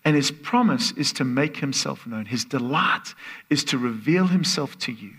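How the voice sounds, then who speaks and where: A man preaching a sermon as a guest speaker, earnest and building from soft, quiet phrases to excited exclamations. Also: mid-range voice, moderate pace, slightly rough.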